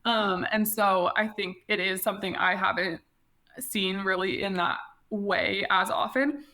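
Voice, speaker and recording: A woman's voice: medium pitch, steady tone, unhurried, bright, forceful tone. A woman guest on a casual podcast interview, speaking reflectively with many "like" fillers and restarts.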